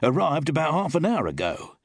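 A man's voice: on the high side, wildly swooping pitch, fairly quick, gravelly, no room sound, studio quality, voice pushed up, full character voice. A man reading an audiobook voices a puzzled, pushy male innkeeper who protests and grows suspicious. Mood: puzzled, protesting.

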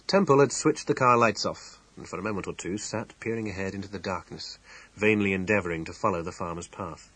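A man narrating an audiobook in measured, expressive storytelling. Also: low voice, breathy edge, poor audio. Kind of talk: scripted narration.

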